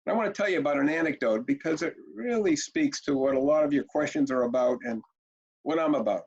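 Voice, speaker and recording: Animated man lecturing on parenting. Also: a little high, fast talker, husky, lo-fi sound. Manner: animated, rhetorical questions, repeats for emphasis. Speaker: parenting webinar presenter. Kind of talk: energetic storytelling lecture.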